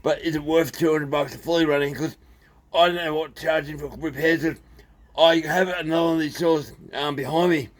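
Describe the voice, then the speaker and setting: A man with an Australian accent, talking casually and haltingly through a chainsaw repair, with many fillers. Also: a little high, steady tone. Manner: rambling, plain-spoken, halting with fillers. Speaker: small engine repairer. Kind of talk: casual workshop video.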